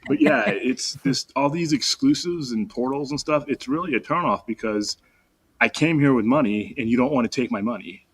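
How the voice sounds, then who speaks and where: A man's voice: medium pitch, moderate pace, husky. A man chatting casually on a podcast, rambling with enthusiasm. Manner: rambling, enthusiastic fan talk. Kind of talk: casual chat.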